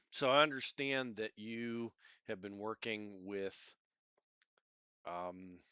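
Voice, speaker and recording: Slow, bright-voiced man player. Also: lowish voice, fairly even intonation, smooth, no room sound, lo-fi sound. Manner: halting, with pauses. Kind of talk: tabletop game role-play.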